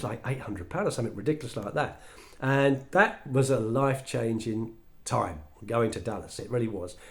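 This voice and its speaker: A man with an English accent telling a personal story as a monologue, acting out the dialogue he quotes. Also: medium pitch. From England. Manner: animated, acts out quoted dialogue. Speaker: speaker sharing his story.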